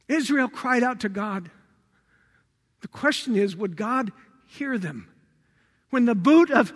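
A man, a pastor, preaching a sermon, building up with repeated rhetorical questions and then dropping to quiet emphasis. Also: extremely high pitch, big-room sound.

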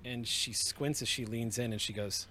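A man running a tabletop game as game master, narrating scenes in an unhurried, descriptive way with small restarts. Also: medium pitch, fairly even intonation, pushed and bright, a little hiss or hum.

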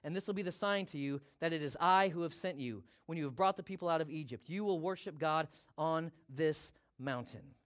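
A man voicing God speaking from a burning bush, slow and grave. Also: a little high, close to an everyday voice. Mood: solemn. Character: solemn divine male voice from a burning bush.

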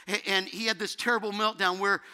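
A man's voice: sits high, little pitch movement, a little fast, sharp tone. A man preaching a sermon as a guest pastor, telling an emotional personal story that builds into fervent preaching. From United States.

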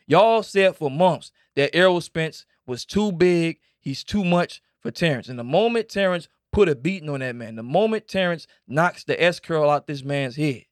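A man's voice: on the high side, moderate pace, few pauses, no echo, clean studio sound. A man co-hosting a sports talk show, ranting animatedly about boxing critics. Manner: animated, ranting, mimics others. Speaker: podcast co-host.

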